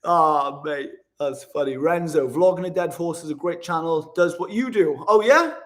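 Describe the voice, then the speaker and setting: A man's voice: on the high side, moderate pace. A young man live-streaming a casual vlog from a hotel room, chatting with viewers, laughing often and calling everyone mate.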